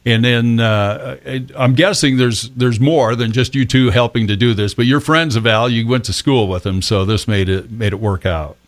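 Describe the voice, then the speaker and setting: A man's voice: medium pitch, normal speed, few pauses. A man hosting a local radio interview, asking rambling questions with fillers. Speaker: radio host.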